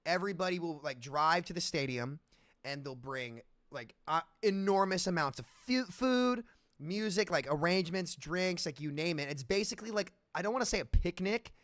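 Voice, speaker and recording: A man hosting a casual podcast chat, telling animated stories with lots of stumbles and restarts over a headset mic. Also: sits high, normal speed, dry recording, clean studio sound. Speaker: streamer and podcast host.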